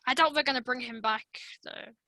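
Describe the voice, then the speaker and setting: A woman's voice: a little high, quick pace, bright, forceful tone. A young woman co-hosting a casual podcast, laid-back and giggly. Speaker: podcast co-host. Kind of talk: casual chat.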